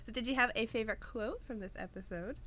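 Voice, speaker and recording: A woman's voice: fairly high pitch, sharp tone. A young woman co-hosts a casual podcast and gushes about what she has watched. She giggles often and fills her talk with "like" and "um". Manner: giggly, gushing, lots of fillers. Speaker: podcast co-host. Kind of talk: casual chat.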